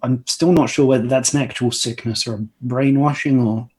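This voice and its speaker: A man's voice: mid-range voice, steady tone, fairly quick, darkish tone. A man speaking in character in a tabletop game, hesitant and polite. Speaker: player.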